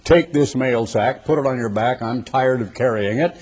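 A gruff Roman soldier barks orders at an old man as a preacher acts him out. The voice is husky and curt, and it stays commanding throughout. It is told inside a sermon. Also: mid-range voice, moderate pace, darkish tone, close to an everyday voice. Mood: bossy.

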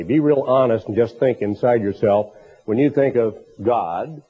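Raspy hoarse guy preaching a taped sermon, husky voice, tinny phone-like sound. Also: medium pitch, unhurried. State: hoarse from a bronchial illness. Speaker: minister. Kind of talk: recorded sermon for a tape program. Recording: tinny phone-like tape recording.

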